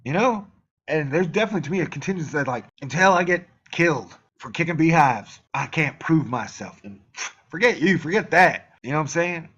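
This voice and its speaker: A man's voice: a little high, lively intonation, brisk, fairly bright tone, husky, muffled recording. A man ranting on his own channel, heated and profane, sometimes mocking the voices of his critics. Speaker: YouTube channel host. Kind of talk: angry solo rant to camera.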